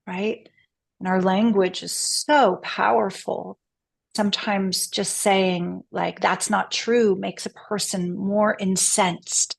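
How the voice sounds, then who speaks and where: A woman guest in a spiritual conversation, speaking gently and reflectively. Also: medium pitch, steady tone, slow, vocal fry, breathy edge.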